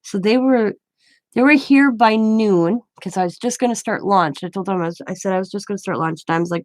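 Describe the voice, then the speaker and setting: A woman's voice: medium pitch, fairly quick, a little mellow, no room sound. An older woman, a grandmother, telling a rambling story in casual chat, with many restarts. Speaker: craft vlogger.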